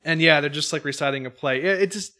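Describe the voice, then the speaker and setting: A man's voice: on the high side, pushed and bright. A man co-hosting a casual podcast, agreeing often and adding his own comments. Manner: agreeable, chimes in often with quick affirmations. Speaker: podcast co-host. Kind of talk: casual chat.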